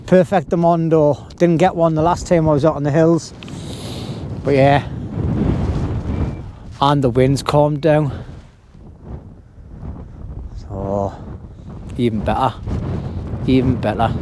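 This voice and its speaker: A man's voice: mid-range voice, darkish tone, slight background noise. A middle-aged man, chatting casually to camera at his hilltop camp. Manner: chatty and colloquial. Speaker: vlogger. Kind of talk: casual outdoor vlog chat.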